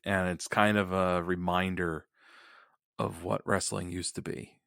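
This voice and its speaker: A man's voice: low-pitched, flat delivery, a little slow, gravelly, fairly bright tone, no room sound, studio quality. A man co-hosting a podcast in casual chat, joking and laughing often. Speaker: podcast co-host.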